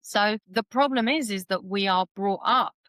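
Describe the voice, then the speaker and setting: A woman's voice: mid-range voice, moderate pace, fairly bright tone, no room sound. A woman, a guest explaining things chattily in a podcast interview and acting out quoted voices as she goes. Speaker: intuitive reader, podcast guest.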